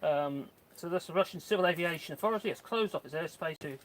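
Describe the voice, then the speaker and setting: With a high, brisk voice and noise in the background, this man hosts a garden live stream while kneeling in the mud. He rambles casually, breaking off to speak to his dogs and viewers, and a phone on a tripod records him outdoors.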